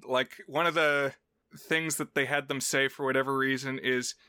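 A man co-hosting a podcast in easy casual chat, his voice bright, forceful and smooth. He talks playfully and slips into short accent impressions, recorded dry and close with no room sound. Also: mid-range voice, steady tone, moderate pace, no echo. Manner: chatty, playful, mimics accents in short bits. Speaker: podcast co-host.

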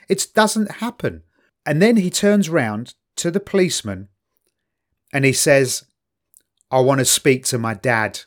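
Male co-host, mid pitch, lively intonation, self-mocking banter. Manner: expressive, self-mocking banter, swears casually. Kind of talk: casual chat.

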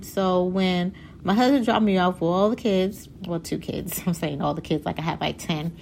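A woman in her thirties from Haiti talking casually about her own life, animated and laughing often as she tells stories. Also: on the low side, normal speed, vocal fry, slight background noise. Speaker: vlogger. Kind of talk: casual personal talk.

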